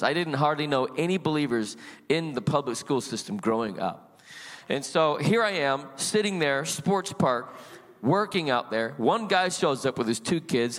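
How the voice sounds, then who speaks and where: Animated preaching man, echoing hall. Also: medium pitch. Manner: animated storytelling, acts out quoted voices. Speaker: pastor. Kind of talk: sermon with personal testimony. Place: church.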